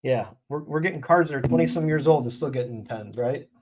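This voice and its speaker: A man's voice: mid-range voice, brisk, a little mellow, slight background noise. Blunt, ranting man hosting a live stream. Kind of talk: casual live-stream chat.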